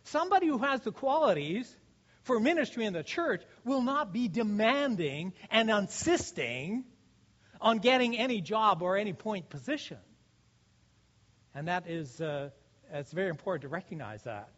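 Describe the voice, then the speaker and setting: A man's voice: sits high, sing-song, moderate pace, a bit bright, highs cut off. A man preaching as a pastor, earnest and exhorting, with rhetorical questions and frequent restarts. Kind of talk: sermon.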